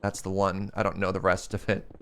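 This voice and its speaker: Chatty man with a gravelly low voice. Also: monotone, a little fast, fairly bright tone, a little hiss or hum. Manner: chatty, answers chat questions with self-deprecating jokes. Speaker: game streamer. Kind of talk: casual live-stream chat while playing.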